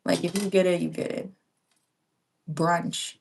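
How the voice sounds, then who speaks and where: A woman's voice: lowish voice, little pitch movement, a little slow, creaky, distant mic, a little hiss or hum. A woman in her thirties chatting casually with viewers while she crafts at home, rambling with slangy asides. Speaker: crafting vlogger. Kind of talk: casual live-stream chat while crafting. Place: home, by a window. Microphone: small handheld pink microphone.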